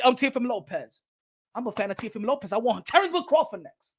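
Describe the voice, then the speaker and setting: Boxing channel host, Puerto Rican New Yorker, high voice, loud boastful casual rant mixing in Spanish. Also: male voice, very animated, fast talker. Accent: New York Puerto Rican. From Puerto Rico.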